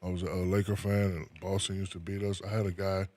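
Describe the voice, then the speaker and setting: Speaking quickly in a low voice with little pitch movement, a retired basketball player from New Jersey chats as an interview guest. His manner is casual and soft-spoken, with sentences restarted through repeated words.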